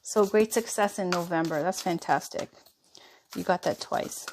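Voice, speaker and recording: Woman, tarot reader, lowish pitch, hoarse, chatty, reassuring. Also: moderate pace, a little hiss or hum. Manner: chatty, reassuring, drifts between reading aloud and asides. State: losing her voice. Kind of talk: tarot reading, reading cards aloud and chatting.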